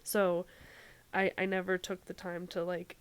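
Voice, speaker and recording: A woman podcast host with a somewhat low voice, speaking in a reflective, casual way. She thinks aloud with loose fillers and keeps backing up her guest with short affirmations. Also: little pitch movement, unhurried, clean tone. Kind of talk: casual interview chat.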